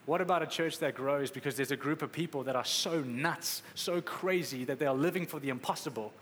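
A man with a fairly high, somewhat bright voice preaches briskly in an echoey hall with faint ambience. His style is conversational and emphatic, and he acts out quotes as he goes.

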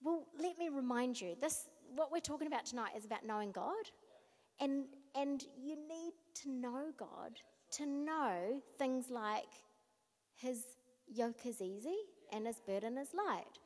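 A woman with a fairly high voice speaks earnestly in a short sermon talk, her words sinking low and soft at times. Her voice echoes through a hall with a long reverb. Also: measured pace. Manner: earnest, searching, drops to a near whisper. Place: church hall.

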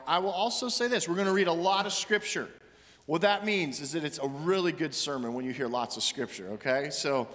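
A man's voice: high voice, fairly bright tone, in a large hall. A man, a senior minister, preaching a sermon and reading scripture aloud with earnest, rising emphasis. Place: church sanctuary.

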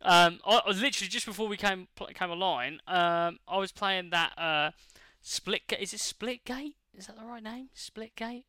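Bright-voiced man, sweary and rambling. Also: high-pitched, moderate pace, clean tone, no room sound. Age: late 20s. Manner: sweary, rambling, lots of fillers and restarts. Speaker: podcast co-host. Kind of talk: casual chat.

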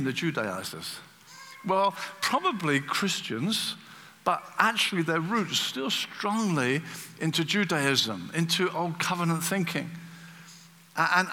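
A man preaching a sermon to a congregation in a lively, animated way, acting out quoted voices and using many fillers. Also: on the high side. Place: church hall. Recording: long hall reverb.

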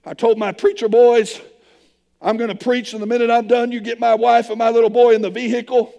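An older man, preaching a sermon and telling a missionary story with passion, shouting at the high points. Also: level tone, fairly quick, gravelly, muffled recording. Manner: impassioned, shouting at peaks, hushed in the retold confrontation. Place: church sanctuary. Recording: long hall reverb.

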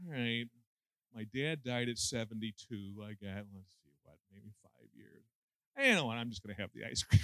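A man's voice: mid-range voice, expressive, moderate pace, gravelly, a bit bright, dry recording. A man in his sixties preaching a conversational sermon with folksy, self-deprecating humor and lots of fillers. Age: 60s.

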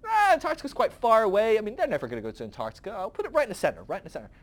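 A man putting on an easygoing God who brushes off every concern in a chatty, offhand way. The voice swings up and down with lively pitch. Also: rapid-fire. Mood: breezily reassuring. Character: breezy, unbothered male God, casually reassuring.

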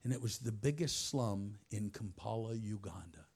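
A man preaching through a personal story, swinging from hushed softness to loud shouting. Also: fairly low pitch, normal speed, creaky, slightly rough. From United States. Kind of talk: storytelling sermon.

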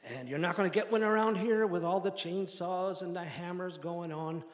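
A man putting on a calm, serious bush pilot with an exaggerated Midwestern accent, speaking in a dry, matter-of-fact way. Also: high-pitched, normal speed, close to an everyday voice. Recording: echoey hall reverb.

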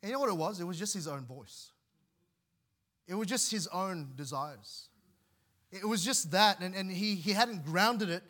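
A man's voice: high-pitched, lively intonation, normal speed, long pauses, sharp tone. A man preaching a sermon as pastor, earnest, often restarting and repeating words as he explains scripture.

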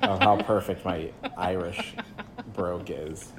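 A man's voice: sits low, steady tone, measured pace, a bit bright, a little hiss or hum. A man co-hosting a casual podcast, wry and joking with his friends. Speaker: podcast co-host. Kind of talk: casual chat.

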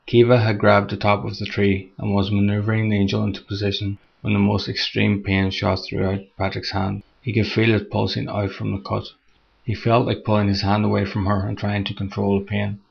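A man narrating a scripted horror story in a steady, measured reading, on a dull lo-fi recording. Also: on the low side, creaky.

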